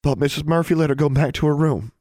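A man's voice: fairly high pitch, fast talker, a little mellow, no room sound, clean studio sound, voice pushed up, close to an everyday voice. A man voicing a breathless, fussing older sister. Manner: breathless, bossy.

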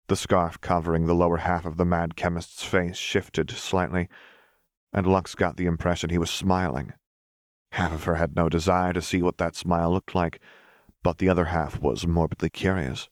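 Deep-voiced male audiobook narrator. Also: no echo. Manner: measured, even storytelling. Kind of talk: scripted fan fiction narration.

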